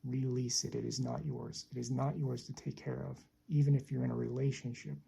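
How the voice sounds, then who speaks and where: A woman speaks as a spiritual teacher, unhurried and deliberate, often repeating a phrase to let it land. Her voice is heavily gravelly with a very dark, mellow tone. It sounds breathy and husky throughout. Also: rumbling low, flat delivery. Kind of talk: slow reflective teaching monologue.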